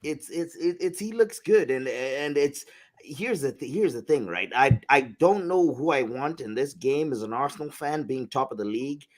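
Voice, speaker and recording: A man's voice: mid-range voice, animated, moderate pace. A man co-hosting a sports betting podcast, boisterous and teasing, repeating phrases for emphasis. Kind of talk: casual podcast banter.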